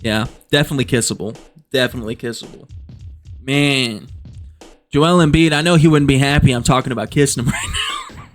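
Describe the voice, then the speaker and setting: Dude vlogging jokes, rambly and swearing a lot, mid-pitched voice, faint music behind. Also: male voice, brisk, pauses often. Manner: rambling, profane, self-amused. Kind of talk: joking casual commentary.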